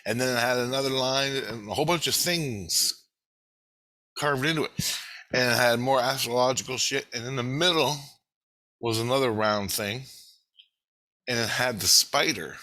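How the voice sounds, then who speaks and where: A man's voice: medium pitch, normal speed, pauses often. A man telling a rambling story in a casual monologue, cursing freely and acting out the voices of the people he quotes. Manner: animated, profane, acts out quoted voices. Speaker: vlogger.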